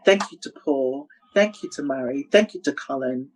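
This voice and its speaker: Woman host, very low voice, swoops a lot, emotional and laughing. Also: expressive, normal speed, a little mellow, a little hiss or hum, poor audio. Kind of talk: casual online chat.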